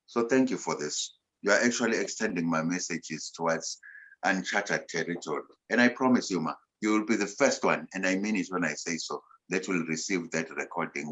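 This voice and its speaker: A very low-voiced man with a South African accent, giving a motivational talk over a video call. He speaks emphatically, with a voice that swings between bursts of volume and quiet asides. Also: poor audio.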